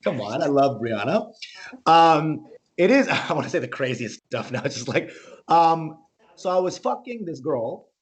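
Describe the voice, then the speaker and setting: A man doing animated, rambling stand-up comedy over a video call, often tossing in "okay?" and "oh my God". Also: fairly high pitch, normal speed.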